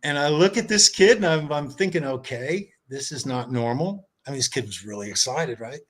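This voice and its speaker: A man telling a long anecdote as a podcast guest, animated and acting out quoted dialogue, over a video call. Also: medium pitch, normal speed. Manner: animated storyteller, acts out quoted voices. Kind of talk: casual storytelling chat.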